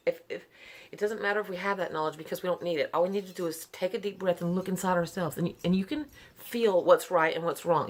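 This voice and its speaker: An earnest middle-aged woman talks straight to the camera, unscripted and heartfelt. Her voice sits a little low, and her words keep tumbling into sighs, soft laughs and restarts. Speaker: vlogger telling her story. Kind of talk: unscripted personal testimony to camera.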